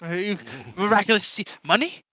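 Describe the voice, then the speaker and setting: A man voicing an excitable little goblin captain who talks in broken, clipped phrases. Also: fairly quick, no room sound. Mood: eager. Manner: high shrill shouting in clipped broken phrases.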